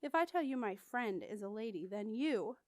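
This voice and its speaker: Woman narrator voicing a proud young noblewoman, firm and crisp-spoken, slightly high, dry close sound. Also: lively intonation, normal speed, darkish tone, no echo, natural voice. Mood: haughty. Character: noble young girl, bold and proper.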